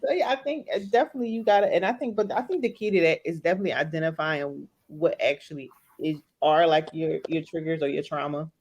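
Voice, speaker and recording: A woman's voice: deep voice, fast, hardly any pauses, darkish tone, muffled recording. A woman host in casual chat, telling her own story with laughter and expression.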